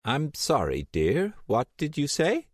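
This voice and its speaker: Male narrator doing a frail old lady, soft and high, vague and wandering, audiobook. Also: wildly swooping pitch, measured pace, no echo, clean studio sound, heavily acted. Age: older. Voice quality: soft, weak voice. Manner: vague and drifting, briefly imperious. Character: frail confused elderly woman, former vice president. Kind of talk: audiobook character voice.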